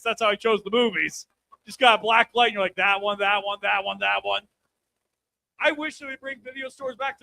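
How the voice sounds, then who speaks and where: A man in his thirties doing a live stand-up comedy set, brash and loud, working the crowd and breaking into shouts. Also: extremely high pitch. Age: 30s. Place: comedy club stage.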